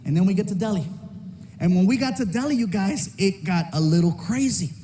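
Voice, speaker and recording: A male stand-up comedian telling a story on stage in an animated way, breaking into shouts and character voices. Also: sits high, brisk. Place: comedy stage before a live audience. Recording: stand-up recording with audience noise.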